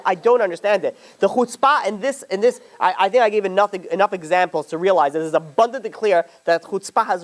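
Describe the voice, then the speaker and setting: Man, panel host, very quick delivery, rambling, exasperated asides, casual discussion. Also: sits high. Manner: animated, rambling, with many restarts and exasperated asides.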